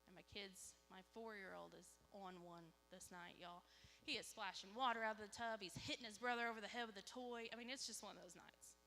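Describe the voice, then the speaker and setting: A woman, giving an animated church testimony and acting out dialogue. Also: medium pitch, fairly quick, faint music behind. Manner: animated storytelling, acts out dialogue. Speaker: lay speaker giving a testimony. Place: church sanctuary. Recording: live church hall with reverb, faint hum.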